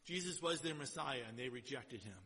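A man preaching a sermon and reading scripture aloud, swinging between loud exhortation and quiet, low asides, in a church. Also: brisk. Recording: long hall reverb.

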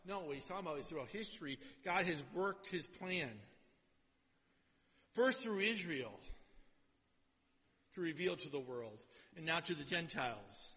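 A man preaching a sermon and reading scripture aloud, swinging between loud exhortation and quiet, low asides, in a church. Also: normal speed. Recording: long hall reverb.

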